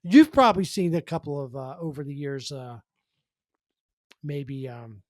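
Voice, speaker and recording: A man co-hosting a sports podcast, telling press box stories in an animated casual way with many restarts and acted-out quotes. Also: on the high side, unhurried. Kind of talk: casual storytelling chat.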